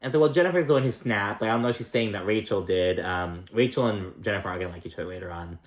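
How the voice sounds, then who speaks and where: A man's voice: lowish voice, fast, reverberant. A man giving a casual, chatty recap of a reality show, swearing freely and mimicking people's lines. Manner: chatty and profane, acts out quotes in mock voices.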